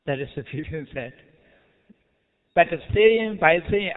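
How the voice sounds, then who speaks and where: A man's voice: fairly high pitch, lively intonation, a little slow, pauses often, clean tone. A man with a Burmese accent teaching a Buddhist lecture in simple English, checking in with his listeners as he goes. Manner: simple non-native English, frequent rhetorical checks and soft chuckles. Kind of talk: dharma lecture. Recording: tinny phone-like lo-fi recording.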